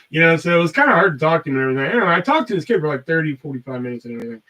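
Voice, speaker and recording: A man's voice: on the high side, animated, rapid-fire, few pauses, bright, forceful tone, recorded from a distance, poor audio. A man hosting a podcast, telling a rambling story in casual talk full of swearing. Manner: rambling, heavy cursing. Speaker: podcast host.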